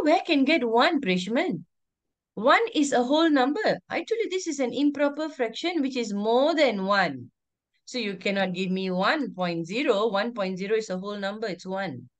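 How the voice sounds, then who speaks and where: A woman teacher, teaching an online class over a video call, firmly repeating instructions and calling on pupils by name. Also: mid-range voice. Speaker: primary school teacher.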